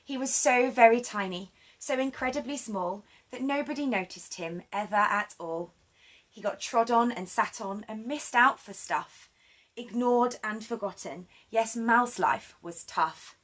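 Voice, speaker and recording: A woman with a fairly high voice reads a rhyming children's story aloud. She takes her time, unhurried and gentle in pace, giving each line an expressive, sing-song lilt.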